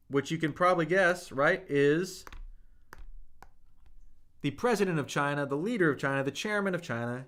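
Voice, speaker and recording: A man's voice: on the high side, lively intonation, measured pace, fairly bright tone. A young man teaching Mandarin on a livestream, reading chat comments and coaching with enthusiastic, hyped-up energy.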